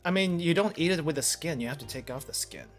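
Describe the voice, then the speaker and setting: A man's voice: a little high, expressive, quick pace, soft background music. A man hosting a podcast in casual chat, hesitant, often stammering and restarting his sentences. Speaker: podcast host.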